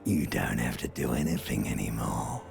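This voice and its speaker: An actor voicing an ancient reptilian brain in a video game, slow, lulling and intimate, gravelly male voice. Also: a bass voice, expressive, heavily acted. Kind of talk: game voice acting. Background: faint game music.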